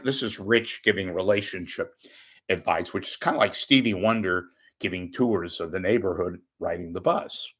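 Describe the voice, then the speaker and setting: Older male commentator, rambling, crude jokes, pitched a bit low. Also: husky. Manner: profane, wisecracking, rambling with loud bursts and muttered asides. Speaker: media commentator. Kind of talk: off-the-cuff monologue. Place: at home.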